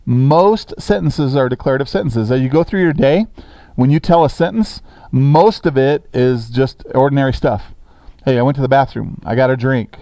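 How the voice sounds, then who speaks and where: A man's voice: mid-range voice, mellow, no echo. A man teaching a sixth grade grammar lesson in a classroom, talking casually and checking in with the students often.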